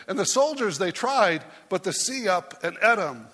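A man's voice: high-pitched, big pitch swings, moderate pace, sharp tone, long reverb tail. A man preaching as a pastor, reading a rhyming story aloud in a playful way and putting on voices for the characters.

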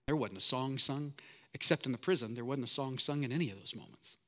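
Man, pastor, sermon, earnest, repeats for emphasis, forceful tone. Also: medium pitch, quick pace. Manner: earnest, building emphasis with repetition.

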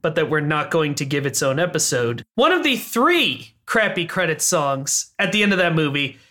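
A young man co-hosting a podcast with his mother, chatting casually with jokey asides. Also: a little high. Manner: jokey, animated, quick asides. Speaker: podcast co-host.

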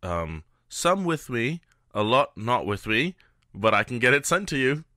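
Bright-voiced man playing a tabletop game. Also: mid-range voice, very animated, measured pace, no echo, clean studio sound. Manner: hesitant, polite, casual. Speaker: player.

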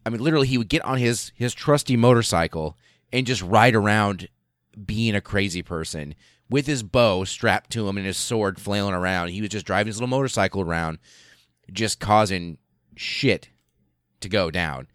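A male podcast host telling a history story casually, in an excitable, profane way full of fillers and restarts. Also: on the low side, moderate pace, dry recording, studio quality.

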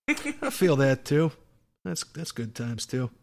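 A man co-hosts a podcast in a casual chat, loose, laughing and profane, restarting his sentences often. He takes his time, and his fairly high voice swings hugely in pitch.

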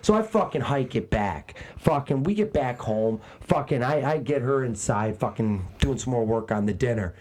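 A man's voice: mid-range voice, lively intonation, normal speed, few pauses, a little mellow. A man telling a long, profane story as a podcast co-host, ranting and swearing constantly.

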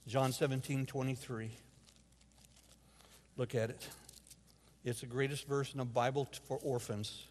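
A man preaching a sermon as a guest speaker in a church, telling a personal story with emotional swings from hushed to loud. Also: medium pitch, little pitch movement, measured pace, long pauses, slight background noise. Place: church sanctuary. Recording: long hall reverb.

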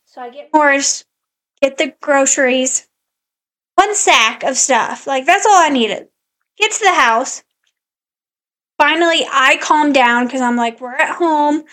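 A woman's voice: high-pitched, a little slow, long pauses, fairly bright tone. A woman podcast co-host in casual chat, animatedly telling a story and acting out her own quotes.

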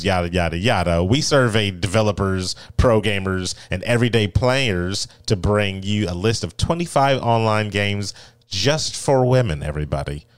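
A man with a lowish, smooth and resonant voice talks in a laid-back, rambling way as a podcast co-host. The sound is close and dry, with no room around it. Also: no room sound. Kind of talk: casual chat.

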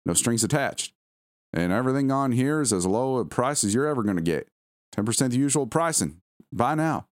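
A man's voice: medium pitch, expressive, a little fast, dry recording, voice pushed up, close to an everyday voice. Brief: man putting on a goofy folksy seller's voice, raised and bouncy, dry close sound. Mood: hokey. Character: odd folksy man behind a strange website.

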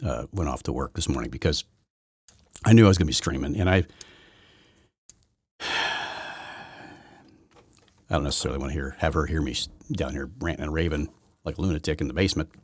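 A man hosting his own podcast from his basement, rambling through a political rant that swings from loud outbursts to low muttering, with many restarts. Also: fairly quick, long pauses, slightly rough. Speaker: podcast host. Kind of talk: solo political commentary rant. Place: home basement.

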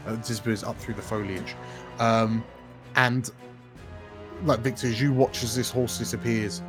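A man narrates a tabletop adventure as game master, in a loose style full of fillers and restarts. His voice is mid-pitched and plain, with faint music underneath. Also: flat delivery, moderate pace.

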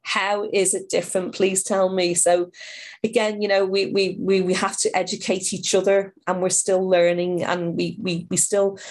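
A woman's voice: lowish voice, flat delivery, moderate pace, a little mellow. A middle-aged woman from Ireland, an outreach worker answering interview questions in a rambling way with many restarts.

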